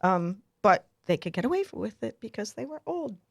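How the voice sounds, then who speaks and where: A middle-aged woman, hosting a podcast and telling a story in a lively, laughing way. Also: medium pitch, fairly quick, creaky, no room sound, clean studio sound. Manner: animated, laughs a lot, acts out quotes. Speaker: podcast host. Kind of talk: casual storytelling chat.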